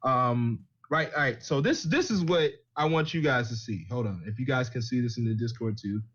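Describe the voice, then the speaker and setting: A man's voice: medium pitch, normal speed, fairly bright tone, breathy edge, dull audio. A man co-hosting a casual gaming podcast, rambling and laughing easily as he talks. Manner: laughs often, easygoing, rambling. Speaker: gaming YouTuber and podcast co-host.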